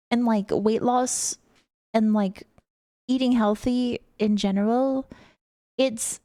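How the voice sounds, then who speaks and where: A woman's voice: a little high, dry recording, clean studio sound. A young woman streaming, chatting casually and affectionately with viewers.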